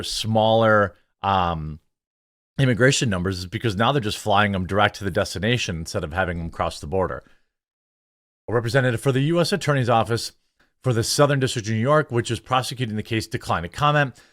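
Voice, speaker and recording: Hosting a political commentary show, a man reads news articles aloud and cuts in with sarcastic, opinionated asides between the quoted passages. His voice is on the low side, captured with clean studio sound and no room sound.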